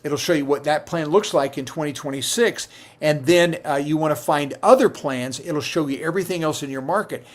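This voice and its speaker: A man's voice: on the high side, a little fast. A middle-aged man who works as a Medicare insurance agent, answering viewer questions on a live stream in a conversational way, with many fillers and restarts.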